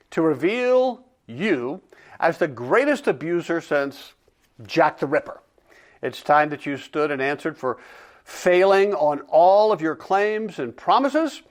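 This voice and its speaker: A man reads a grieving, furious man hurling sarcastic charges at God. The voice sits fairly high and swings widely in pitch. The delivery is mocking and accusing throughout. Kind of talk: dramatic reading of a dialogue.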